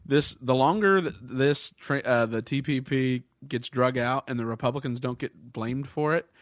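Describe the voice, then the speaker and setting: Man explaining, with dry humor, mid pitch. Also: normal speed, no room sound. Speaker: podcast co-host. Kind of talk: casual discussion.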